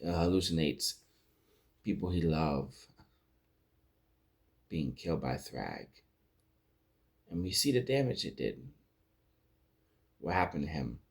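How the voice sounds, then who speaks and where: A man's voice: low voice, gravelly. A man giving a casual, rambling spoken review of a TV episode, retelling scenes and acting out lines. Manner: rambling recap with restarts and acted-out quotes. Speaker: show reviewer. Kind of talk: casual commentary.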